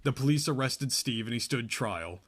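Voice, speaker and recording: A man's voice: medium pitch, lively intonation, moderate pace, fairly bright tone. A man reading the part of a young woman who is guarded and wounded, his voice lifted slightly. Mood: reluctant.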